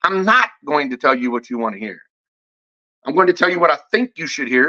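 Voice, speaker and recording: A brash, bright-toned man ranting straight to camera and swearing constantly, his words tripping over each other as he gets heated. The audio is dull and lo-fi. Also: on the high side, big pitch swings, quick pace. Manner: profane, combative, heavy swearing; repeats and restarts words when heated. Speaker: fragrance reviewer. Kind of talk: off-the-cuff vlog rant.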